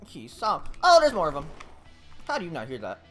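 Casting note: brash, profane male gamer, bright voice, wildly swinging pitch, with music underneath. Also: wildly swooping pitch, a little fast. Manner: profane, loud outbursts and frequent swearing. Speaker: gaming video creator. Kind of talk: game commentary.

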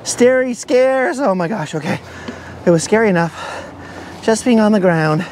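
Chattering nervously to camera at a moderate pace, a middle-aged travel vlogger makes his way along a treetop trail high in the forest. Nerves leave him breathless, and he laughs at himself often, jittery and self-mocking, going over his worries again and again. Slight background noise is present.

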